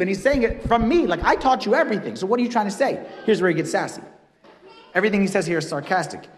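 A man, a priest, giving a lively, conversational sermon with casual asides in a church. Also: high-pitched, fast, big-room sound.

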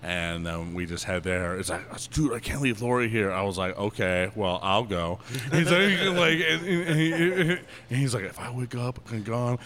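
A man's voice: fairly low pitch, normal speed, hardly any pauses, fairly bright tone, slight background noise. Rambling, giggly man telling a story. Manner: rambling, filler-heavy with frequent laughs. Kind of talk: casual storytelling.

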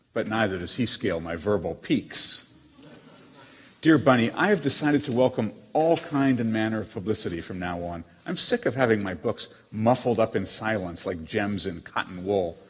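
An actor reading letters as a proud, witty émigré novelist, with a haughty, dryly teasing manner. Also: male voice, lowish voice, expressive, normal speed, slightly rough. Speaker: letter reader. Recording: long hall reverb.

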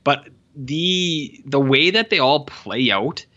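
A man co-hosting a podcast, reviewing a movie in casual, animated talk and swearing freely. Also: fairly high pitch, slow pace, lo-fi sound. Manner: animated, profane, restarts often. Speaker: podcast co-host. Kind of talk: casual film review chat.

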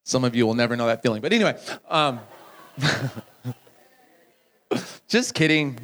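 A man's voice: medium pitch, moderate pace. A man speaking at a camp, telling a joking story in a sermon and bantering with the audience, calling people up to help. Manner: animated, joking, calls people up on stage. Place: camp gathering, live audience. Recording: clear music playing behind the voice.

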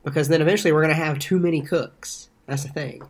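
A man's voice: fairly high pitch, fairly even intonation, quick pace. A man co-hosting a casual podcast with a congested, stuffed-up nose, talking in a laid-back way. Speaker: podcast co-host.

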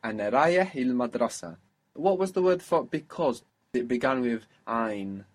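Patient husky male language teacher. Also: medium pitch, expressive. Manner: patient, prompting questions, slow model phrases. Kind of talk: spoken language lesson.

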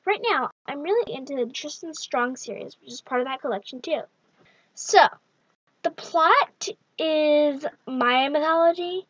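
High-voiced woman reviewing books. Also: measured pace, fairly bright tone, no echo, muffled recording. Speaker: book reviewer. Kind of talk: casual book review vlog.

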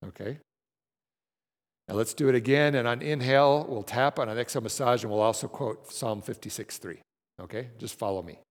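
A man's voice: medium pitch, fairly quick. Man, class leader, guided breathing exercises, conversational, checks in often, long hall reverb. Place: large room with a group.

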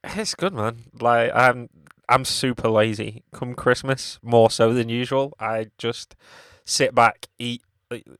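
A man's voice: mid-range voice, slow pace, few pauses, a bit bright, clean tone, dry recording. A man, a podcast co-host in casual chat, given to teasing, dry banter.

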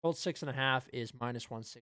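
Man co-host, casual sports-betting talk, smooth clear voice, dry close sound. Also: medium pitch, fast talker, dry recording. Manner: relaxed, loose, with frequent fillers. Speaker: podcast co-host.

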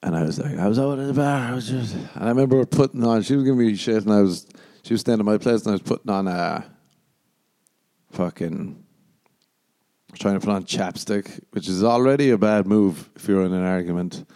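Rambling Irish podcast host. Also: male voice, a little fast. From Ireland. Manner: rambling, animated, jumps into high voices when quoting himself. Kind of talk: casual storytelling monologue.

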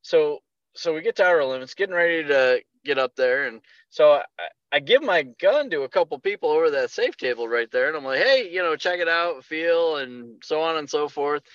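A man co-hosting a podcast, telling a story in casual chat and acting out the quotes with a lively voice. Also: fairly high pitch, a little fast, dry recording, dull audio. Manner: animated storyteller, acts out quotes. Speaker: podcast co-host.

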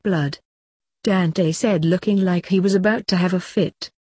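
A woman reads a dark fantasy story aloud in a plain, steady way. Her voice sits a bit low and husky, and the recording is dry and close. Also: normal speed, no room sound. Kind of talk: storybook reading.

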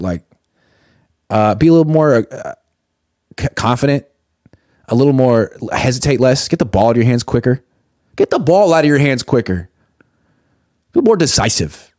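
A blunt, opinionated man chats loosely on a sports stream, reading out viewer comments and firing back plain-spoken takes. His voice sits at an everyday middle pitch. The sound is dry and close, with no room around it. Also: darkish tone, no echo. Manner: blunt, opinionated, swears casually, reads viewer comments aloud. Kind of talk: casual live-stream chat.

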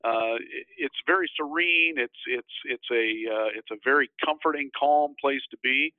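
A man's voice: medium pitch, normal speed, dry recording. Guy guest on a podcast, lots of uh and restarts, sounds like a thin phone line. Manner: hesitant, many fillers and restarts. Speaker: guest, financial firm CEO. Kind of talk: casual interview talk. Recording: tinny phone-like line, dry.

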